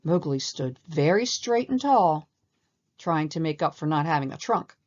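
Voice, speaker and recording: A woman reads a children's story aloud with animated, expressive pacing. Her voice is low, and the recording sounds slightly dull. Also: moderate pace. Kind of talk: storybook read-aloud narration.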